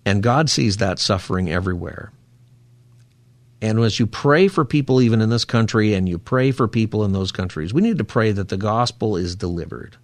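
Male radio talk host, lowish voice, dry close sound, rambling and thoughtful. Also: lively intonation, normal speed, no room sound. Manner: rambling, musing aloud with frequent fillers. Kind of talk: casual call-in radio talk.

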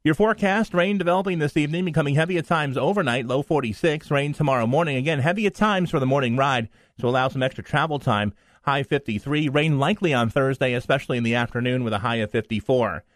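A male radio anchor reading the news, traffic and weather in a steady scripted delivery. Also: medium pitch, fast, no room sound.

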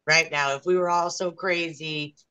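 A woman's voice: sits low, steady tone, moderate pace, sharp tone, clean tone, low-quality recording. A young woman giving an interview, telling her story in an earnest, aggrieved way. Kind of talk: casual interview.

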